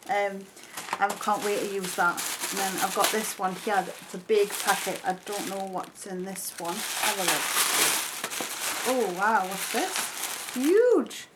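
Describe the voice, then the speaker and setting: An excitable woman, unboxing makeup for her vlog. She chats straight to her viewers in a casual, gushing way. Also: medium pitch, measured pace, heavy background noise. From North East England. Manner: excitable, chatty, talks to the viewer. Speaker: beauty vlogger.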